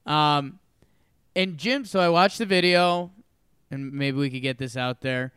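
Smooth-voiced man in casual chat. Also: a little high, a little slow, no room sound, studio quality. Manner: animated, acts out quoted voices. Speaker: co-host.

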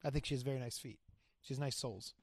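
A man co-hosts a casual podcast and teases his partner with deadpan one-liners. His voice sits at a middling pitch. The recording is close and dry, with no room echo. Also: racing. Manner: teasing, deadpan quips. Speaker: podcast co-host. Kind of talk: casual chat.

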